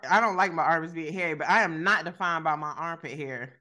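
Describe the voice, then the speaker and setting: A woman's voice: low-pitched, quick pace, pushed and bright. A woman co-hosting a podcast, arguing her side playfully in casual group banter. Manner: playful, argumentative. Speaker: podcast co-host.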